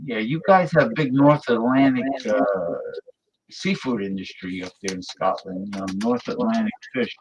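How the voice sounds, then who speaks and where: A man's voice: mid-range voice, moderate pace, crowd noise, low-quality recording. A man chatting casually on a video call, stammering and restarting, emphatic about what he likes. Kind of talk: casual chat.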